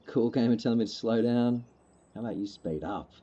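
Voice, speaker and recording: A man's voice: mid-range voice, fairly quick, warm tone. A man livestreaming a farming game, chatting casually with viewers in a laid-back, rambling, joking way. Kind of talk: casual gameplay chat with viewers. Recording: slightly muffled lo-fi mic.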